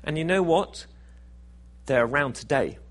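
A man's voice: a little high, lively intonation, measured pace. Chatty jokey male preacher. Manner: conversational, self-deprecating, jokey. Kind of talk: sermon.

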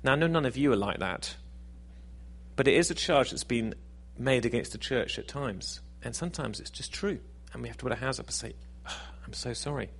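A man's voice: mid-range voice, lively intonation, fairly quick, vocal fry, husky. A man preaching a sermon in a conversational, self-deprecating, jokey way.

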